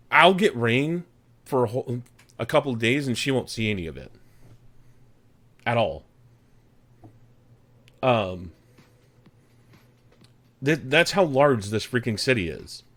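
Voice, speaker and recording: A man's voice: medium pitch, big pitch swings, unhurried, long pauses, fairly bright tone. A man with a Texan accent hosting a live stream, chatting casually with viewers in a rambling, jokey way. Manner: rambling, chatty, jokey, talks to chat by name. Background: background music.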